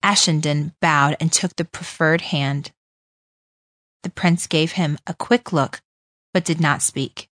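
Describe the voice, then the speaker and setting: Low-voiced woman reading passages aloud, dry sound. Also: slow, no room sound. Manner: expressive, shifts voice for quoted speakers. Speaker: reader of course passages. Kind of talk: scripted reading of dialogue passages.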